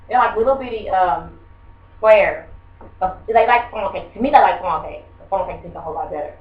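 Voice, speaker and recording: A woman teacher, giving a rambling, conversational classroom lesson and quizzing the class. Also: mid-range voice. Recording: muffled echoey room from far off.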